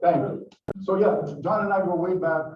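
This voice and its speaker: A man's voice: high-pitched, steady tone, moderate pace. Older man lecturing in an echoey room. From Brazil. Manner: chatty storytelling with repeated restarts. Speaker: guest speaker. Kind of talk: lecture to an audience. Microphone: microphone from some distance. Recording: roomy, distant, muffled room recording.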